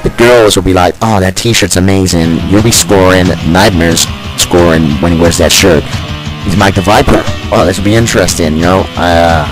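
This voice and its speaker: A man's voice: sits low, moderate pace, over music, rough recording. A man commentating on a video game wrestling show as host, in a chatty, rambling way full of asides.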